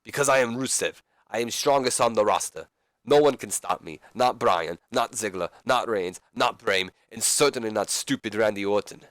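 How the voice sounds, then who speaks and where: A man's voice: fairly low pitch, normal speed, fairly bright tone, dry recording, natural voice. A man voicing a boastful foreign wrestler who speaks broken English and mocks others.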